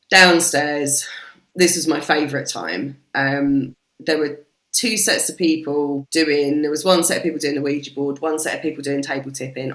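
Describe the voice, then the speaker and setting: A British woman, a podcast guest, telling stories in a casual, animated way and swearing freely. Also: rumbling low. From Britain. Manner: animated, swears freely, acts out quoted voices. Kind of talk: casual storytelling chat. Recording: roomy echo.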